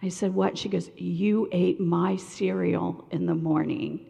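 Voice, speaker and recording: An older woman telling a personal story in a sermon-style talk, animated and acting out the voices of others. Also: lowish voice, unhurried, gravelly, husky. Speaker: speaker sharing a personal story. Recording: long echo of a large hall.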